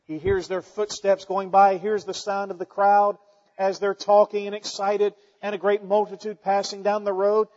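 A man's voice: high voice, moderate pace. Male preacher, sermon, storytelling delivery, long hall reverb, muffled recording. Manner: storytelling preaching, building from calm to forceful emphasis.

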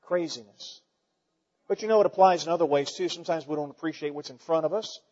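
A man preaching a folksy, animated sermon to his church, swinging between loud declarations and quiet asides. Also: fairly high pitch, fast talker. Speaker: pastor. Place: church sanctuary. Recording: dull sound with long hall reverb.

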